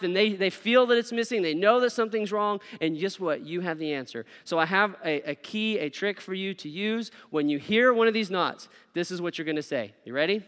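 A man in his thirties giving an energetic, playful sermon as a youth pastor, laughing often and acting out little dialogues. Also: high-pitched, clean tone. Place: church sanctuary. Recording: long hall reverb.

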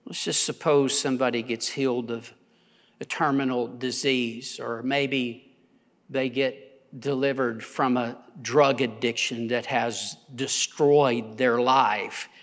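A man preaching as a pastor, building to impassioned near shouts and then dropping low and quiet. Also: steady tone, slow pace, in a large hall. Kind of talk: sermon.

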